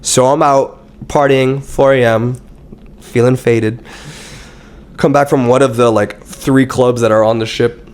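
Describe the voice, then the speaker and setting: A man telling stories in casual podcast chat, animated and swearing, quoting himself and others. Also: medium pitch, a little slow, pauses often. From Canada. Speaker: podcast guest.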